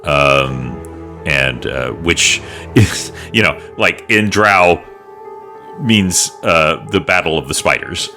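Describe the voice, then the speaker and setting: A man's voice: very deep voice, lively intonation, slow pace, bright, forceful tone, soft background music. A man narrating as dungeon master in a rambling, casual way with many fillers. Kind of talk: narrating a tabletop game.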